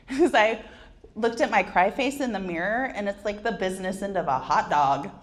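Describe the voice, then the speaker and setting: Against a noisy background, a woman in her forties talks at normal speed in a mid-range voice, delivering self-deprecating, wry anecdotes from a conference stage and often laughing at her own jokes.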